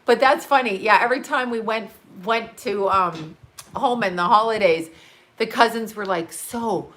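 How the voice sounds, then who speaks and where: A woman's voice: mid-range voice, moderate pace, a bit bright. A middle-aged woman hosting a casual livestream. She reads viewer comments and talks freely, swearing and laughing at her own jokes.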